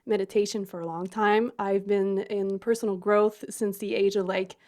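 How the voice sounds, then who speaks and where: A woman hosting a casual interview podcast, talking through her own past in a thoughtful, searching way. Her voice sits at an ordinary middle pitch. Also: steady tone, moderate pace, a little mellow. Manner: reflective, with many fillers and restarts. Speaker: podcast host.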